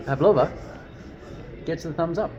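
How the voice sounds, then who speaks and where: A man's voice: a little high, normal speed, highs cut off, crowd noise. A man casually narrating a travel vlog outdoors, easygoing and chatty, laughing often. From Canada. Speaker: outdoor vlogger.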